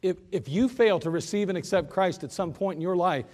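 Impassioned high-voiced preacher. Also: male voice, brisk, a little mellow, big-room sound. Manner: impassioned preaching, rising and falling in force. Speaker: pastor. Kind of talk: sermon. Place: church.

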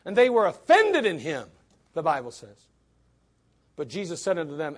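A man's voice: high-pitched, wildly swooping pitch, moderate pace, pauses often. A man preaching a sermon in a blunt, emphatic way, full of rhetorical questions.

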